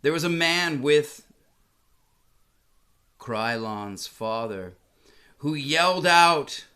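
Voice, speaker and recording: A middle-aged man telling a comic story in a deadpan, mock-solemn, formal way. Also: fairly high pitch, drawn-out words, long pauses, clear, resonant tone. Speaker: comedian.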